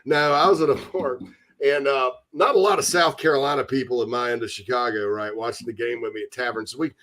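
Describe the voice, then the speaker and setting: A man hosting a casual sports talk radio show from the American South, chatty and animated, slipping into mock voices. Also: mid-range voice, brisk. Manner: animated, breaks into loud mock voices and laughter.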